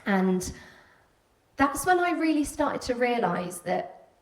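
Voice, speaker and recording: A woman's voice: fairly high pitch, sing-song, takes it slowly. A woman with a Welsh border accent, telling a candid personal story on stage and acting out the voices she quotes. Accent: Welsh border English. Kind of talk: live personal storytelling talk. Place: stage before an audience. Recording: roomy hall, voice from a distance.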